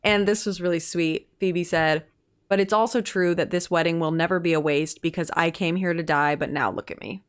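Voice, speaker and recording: A woman co-hosting a book club podcast, summarizing the story in relaxed, casual chat and quoting the characters. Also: fairly low pitch, a little fast, clean tone. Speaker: podcast co-host.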